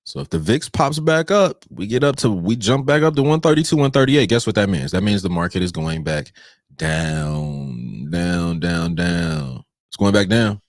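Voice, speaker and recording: A man's voice: mid-range voice, lively intonation, quick pace, hardly any pauses, no room sound, clean studio sound. A man hosting a live pre-market trading stream, talking straight to his viewers with playful, preachy energy. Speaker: trading show host.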